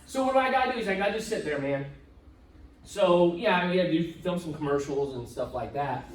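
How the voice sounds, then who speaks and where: Guy telling a lively story at a seminar, voices both sides, booming room, mic far off. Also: brisk. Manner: animated, acts out both sides of dialogue. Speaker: motivational speaker. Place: event hall with live audience. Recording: echoey hall, voice from far off.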